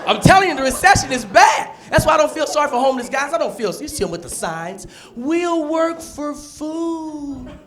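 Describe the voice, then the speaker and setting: A man from the United States performing a stand-up comedy set on a club stage with punchy, animated delivery. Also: extremely high pitch, fast, few pauses. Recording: live club set with audience laughter. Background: crowd laughter and room noise.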